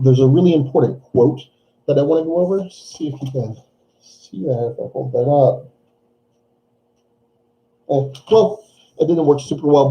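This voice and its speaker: A man's voice: medium pitch, dark tone, poor audio. A man teaching a middle school class in a casual, rambling way with many ums and uhs. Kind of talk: recorded online class lesson.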